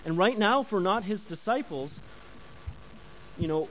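A man preaching a sermon to a congregation, animated, often asking the listeners questions and chatting with them. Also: sits high, measured pace, slight background noise, rough recording. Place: church before a congregation.

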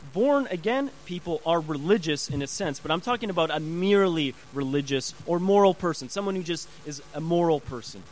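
A male preacher with a high voice delivers a sermon full of rhetorical questions. He leans hard on key words and stretches them out slowly. A faint hum sits behind him. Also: rough recording. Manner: emphatic, rhetorical questions, drawn-out stresses.

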